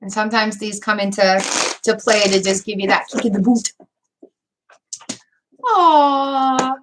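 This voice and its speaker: Woman tarot reader, slightly higher voice, gushing and teary, addresses viewers directly over a webcam mic. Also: fairly bright tone, a little hiss or hum. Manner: gushing, emotional, talks straight to viewers. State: teary, weepy. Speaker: tarot reader hosting a livestream. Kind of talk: live tarot reading chat.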